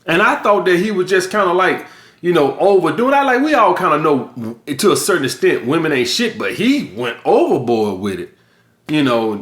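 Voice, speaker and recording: A high-voiced middle-aged man talks straight to his viewers in a blunt, profane monologue, hammering his points home. His voice bounces around an echoey room. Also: a bit bright. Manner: profane, emphatic, lecturing. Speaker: vlog host.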